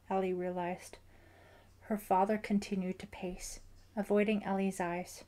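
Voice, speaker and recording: A woman narrating a suspense novel as an audiobook, in a measured, even storytelling manner. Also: medium pitch. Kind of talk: scripted narration.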